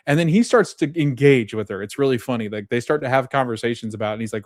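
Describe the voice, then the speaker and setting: A man's voice: mid-range voice, fairly even intonation, quick pace, darkish tone, no echo. Guy rambling through a tv recap, lots of ums and laughs, mid voice, dry close mic. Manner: rambling, many fillers and restarts, laughs often. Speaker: podcast host recapping a TV episode. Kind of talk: casual recap chat.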